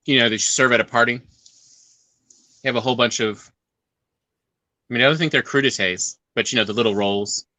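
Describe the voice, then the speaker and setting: A woman chats casually as a podcast co-host, often pausing to hunt for the right word. Her tone is bright and forward. It is recorded dry and close. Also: very deep voice, no room sound. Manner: hesitant, searching for words. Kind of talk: casual chat.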